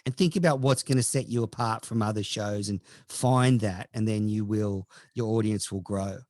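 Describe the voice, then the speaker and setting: A man's voice: fairly low pitch, normal speed, a little mellow, no room sound, studio quality. A man hosting a podcast in casual chat, giving mock-serious advice and reading listener questions. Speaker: podcast host.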